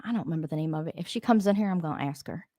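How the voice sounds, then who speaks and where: A woman with a slightly low voice hosts a relaxed live stream and chats loosely with her viewers. She reads out their comments, wanders into asides and laughs often. The recording is dry, with almost no room sound. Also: rapid-fire, no echo. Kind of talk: casual live-stream chat.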